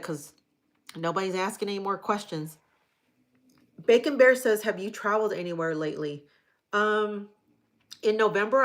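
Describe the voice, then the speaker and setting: Middle-aged woman, livestream host, low-ish voice, blunt, casual and profane. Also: a bit bright. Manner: frank and profane, chatty. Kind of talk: casual live chat reading viewer comments.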